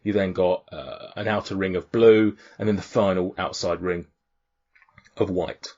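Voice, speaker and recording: Man running a tabletop game, low voice, rambling narration, dull lo-fi sound. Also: steady tone, measured pace, a little mellow. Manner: rambling, with many fillers and restarts. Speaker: game master. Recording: dull lo-fi audio.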